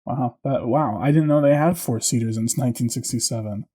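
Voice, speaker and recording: Casual male game master, middle-pitched, hesitant. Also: brisk, warm tone, slightly rough. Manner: hesitant, many fillers and restarts. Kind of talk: narrating a tabletop game.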